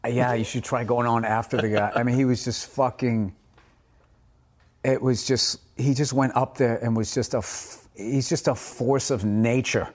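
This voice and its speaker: A middle-aged man, a stand-up comedian, telling profane, animated stories in a casual podcast chat. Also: mid-range voice, moderate pace.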